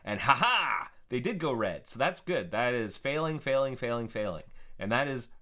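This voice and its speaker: A man chatting casually as he codes on a live stream, thinking aloud in a relaxed way. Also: medium pitch, moderate pace. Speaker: software developer streaming his work. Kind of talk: casual live-coding narration.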